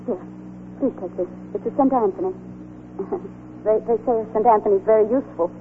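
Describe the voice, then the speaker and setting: An actress playing a gentle, wry young English volunteer nurse in an old radio play, speaking softly and earnestly. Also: female voice, mid-range voice, fairly quick, natural voice. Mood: tender. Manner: soft, earnest, wistful. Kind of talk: 1940s radio acting. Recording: tinny old radio broadcast with hiss.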